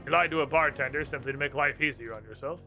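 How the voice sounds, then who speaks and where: A man reading aloud the lines of a stern knight order leader judging the hero, in a flat, brisk voice. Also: medium pitch, gravelly, faint music behind, pitched below the performer's own voice. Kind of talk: reading game dialogue aloud.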